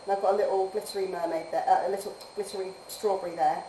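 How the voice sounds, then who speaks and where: A woman who teaches adults chats casually through a game live stream, laughing often. Her talk drifts from soft murmurs to lively bursts. The room sounds roomy and echoing, with faint noise underneath. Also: mid-range voice, fast.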